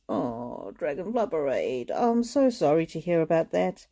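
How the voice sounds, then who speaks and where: Mellow low-voiced woman reading cards. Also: sing-song, measured pace, gravelly, hardly any pauses. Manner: gentle and reassuring, talks straight to viewers; emotional, close to tears. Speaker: oracle card reader. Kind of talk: live-streamed card reading.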